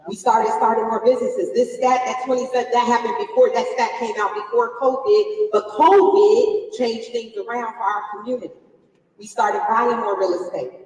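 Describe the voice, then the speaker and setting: This forties-aged conference speaker has a fairly high, somewhat dark voice, animated and moderately paced, as she gives a motivational business talk. She chats with the audience, tosses them questions, and tells a moving personal story. Captured from far across a large hall, the sound is full of echo.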